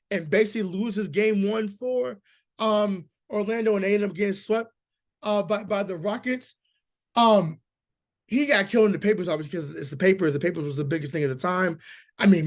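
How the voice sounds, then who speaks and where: Hoarse male sports-podcast co-host, slightly high voice, ranting hard with stammered restarts. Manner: emphatic, profane, stammering repeats. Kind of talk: casual sports chat.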